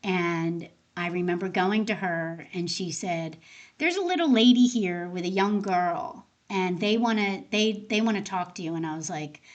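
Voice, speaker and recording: A woman's voice: on the low side, normal speed, muffled recording. A woman being interviewed as a guest, an end of life doula telling personal stories in a casual, conversational way and acting out the dialogue she quotes. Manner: animated, acts out quoted dialogue in her stories.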